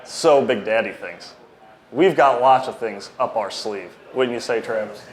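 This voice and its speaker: A man's voice: medium pitch, unhurried. A man speaking as a wrestling champion, mocking his opponent and telling a taunting story. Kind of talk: trash-talking wrestling promo.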